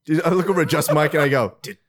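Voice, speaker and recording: Rambling excited man at a game table. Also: a little high, rapid-fire. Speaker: player.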